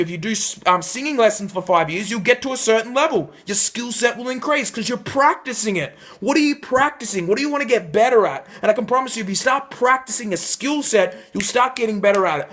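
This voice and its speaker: High-voiced emphatic male coach. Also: fairly bright tone. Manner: emphatic, shifts pitch for effect. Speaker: life coach. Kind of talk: motivational talk to camera.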